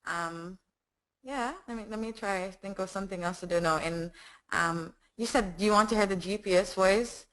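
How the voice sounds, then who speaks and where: A woman with a Jamaican accent, a voiceover artist chatting casually in an interview, talking quickly with tag questions. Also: medium pitch, rough recording.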